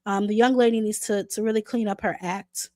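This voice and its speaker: A woman's voice: medium pitch, steady tone, a little fast, a little mellow, no echo, studio quality. A woman hosting a live boxing talk stream, blunt and sassy, with a sore throat and a voice that is going. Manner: blunt, sassy, talks back to chat. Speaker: boxing show host.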